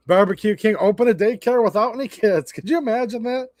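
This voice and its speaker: High-voiced stammering man ranting. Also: brisk, darkish tone, no echo, clean studio sound. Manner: rambling, stammering, frustrated and blunt. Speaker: livestream host. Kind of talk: casual livestream rant.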